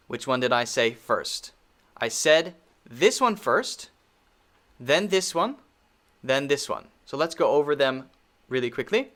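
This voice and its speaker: A man with an American accent teaching a pronunciation lesson, patiently repeating model words with clear emphasis. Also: a little high, big pitch swings, unhurried, a bit bright.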